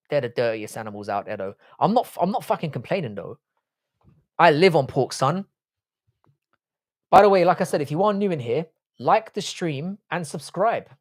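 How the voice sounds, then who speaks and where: With a slightly high, darkish voice, a young Englishman with an English accent runs a livestream. He reads viewer comments and chats bluntly, swearing along the way.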